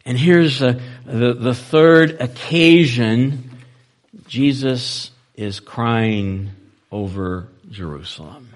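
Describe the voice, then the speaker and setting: A male preacher delivering a sermon, moving between loud, emphatic lines and soft, low-voiced passages. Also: drawn-out words.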